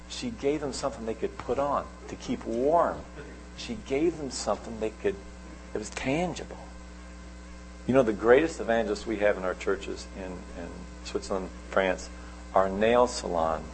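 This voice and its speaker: A middle-aged man preaching a sermon, telling stories with sudden swings between loud and soft. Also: lowish voice, slight background noise, low-quality recording.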